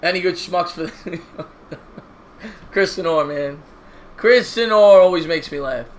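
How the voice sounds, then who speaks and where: His voice sits high, and he talks slowly with long pauses. He's a man in his 30s giving casual baseball play-by-play on a live stream, chatty and jokey, reading viewer comments aloud and shouting out the chat.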